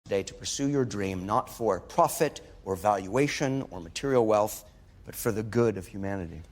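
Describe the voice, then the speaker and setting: An actor playing an indignant, self-righteous tech billionaire making a speech. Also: male voice, fairly low pitch, lively intonation, normal speed, lightly acted.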